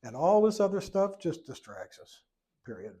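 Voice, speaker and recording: A man's voice: a little high, big pitch swings, normal speed, mellow, slightly rough. A middle-aged man teaching a church Bible study lesson, folksy, with chuckling asides and restarts.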